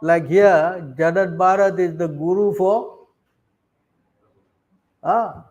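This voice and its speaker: A man with a fairly high voice gives a scripture class, reading verses aloud and then breaking them down in short, emphatic bursts. He keeps tossing rhetorical questions at the room, "huh?", "what?", as he drives each point home. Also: slow pace, pauses often, darkish tone, poor audio.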